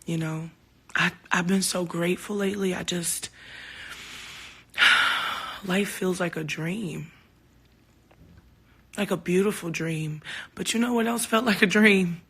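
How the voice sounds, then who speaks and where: Bright-voiced woman chatting on a livestream. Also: fairly low pitch, slow pace, gravelly, long pauses, husky. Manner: heartfelt and candid, swearing freely; animated storytelling with quoted exchanges. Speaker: singer talking to fans on a livestream. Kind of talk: casual livestream talk. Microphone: phone camera.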